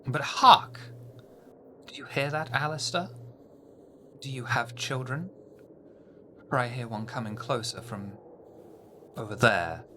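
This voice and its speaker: A man's voice: medium pitch, pushed and bright, slight background noise. Man doing a cold, menacing mysterious woman. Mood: theatrical. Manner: measured, ominous warnings.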